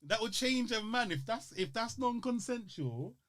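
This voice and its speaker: A man's voice: very high-pitched, lively intonation, normal speed, a bit bright. A man co-hosting a podcast in casual chat, reacting with big exclamations and frequent laughter. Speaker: podcast co-host.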